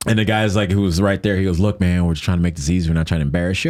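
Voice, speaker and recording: Deep voiced guy telling a story, gets animated, does the other people's lines higher. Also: very fast, few pauses, dry recording, clean studio sound. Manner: animated, acts out quotes in a higher voice. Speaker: guest. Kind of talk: casual storytelling.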